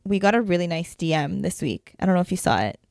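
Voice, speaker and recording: A young woman co-hosting a podcast in casual chat, reading listener messages with quick asides. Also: lowish voice, very animated, vocal fry, darkish tone, dry recording, studio quality. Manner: chatty, reads listener messages aloud with asides. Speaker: podcast co-host.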